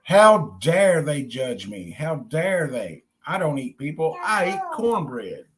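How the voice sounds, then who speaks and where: A man voicing a gentle male dragon who loves cornbread, speaking slowly and earnestly. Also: high voice, a crowd in the background, pitched above the performer's own voice, natural voice. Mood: indignant.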